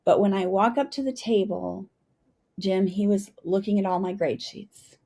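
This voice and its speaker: A woman's voice: medium pitch, normal speed, dark tone. A middle-aged woman from the United States, a retired Army pilot, telling her story as a guest and often asking "right?". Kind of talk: storytelling interview.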